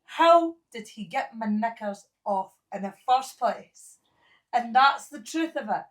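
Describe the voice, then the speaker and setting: A woman's voice: a little high, animated, a little slow. A middle-aged Scottish woman talking in an interview, blunt and bawdy, laughing at her own jokes. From Scotland. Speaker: guest. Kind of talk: candid interview talk.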